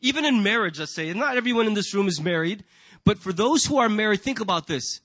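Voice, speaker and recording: A man's voice: high-pitched, animated, fast, a bit bright, dry recording. A man preaching a sermon to a congregation in a church, earnest and emphatic, often asking rhetorical questions. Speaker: pastor.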